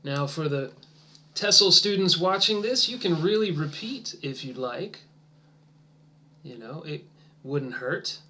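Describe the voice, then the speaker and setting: With lively intonation and a slightly high voice, a man runs an English demo lesson for teachers. He draws out his encouragement and drops to soft near-whispers while waiting for students to answer.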